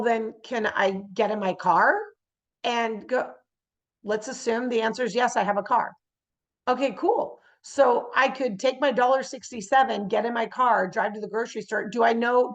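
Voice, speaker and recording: A woman giving a motivational spiritual talk. She often checks in with her listeners by asking "yes?" and acts out everyday scenes in lively voices. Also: on the high side. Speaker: spiritual speaker.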